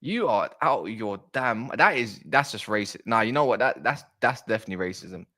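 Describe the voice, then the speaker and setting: A man's voice: fairly low pitch, expressive, brisk. Chatty man hosting a football stream. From South East London. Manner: chatty, shouts out viewers, reads chat aloud. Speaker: football livestream host. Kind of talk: casual livestream chat.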